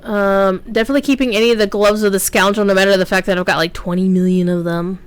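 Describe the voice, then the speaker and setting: A woman's voice: medium pitch, fairly even intonation, quick pace, smooth. A woman streaming a game, chatting casually and rambling through asides with plenty of fillers and offhand swearing. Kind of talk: casual gameplay commentary.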